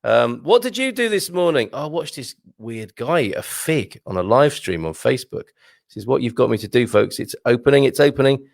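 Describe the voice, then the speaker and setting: A man's voice: mid-range voice, expressive, a little fast, gravelly, no echo. A man hosting a morning live stream, chatting casually and joking as he reads out viewer comments from a home studio. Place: home studio with a green screen.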